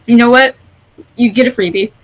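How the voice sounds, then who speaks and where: A woman narrating as game master of a tabletop game in a relaxed, conversational way. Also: on the high side, normal speed, rough recording.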